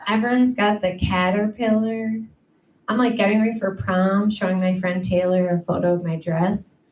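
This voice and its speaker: A woman's voice: mid-range voice, fairly even intonation, normal speed. A young adult woman doing a stand-up comedy set, self-deprecating and chatty, with lots of "um" and "like.". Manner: chatty, self-deprecating, many ums and likes. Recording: echoey room, mic at a distance, faint noise.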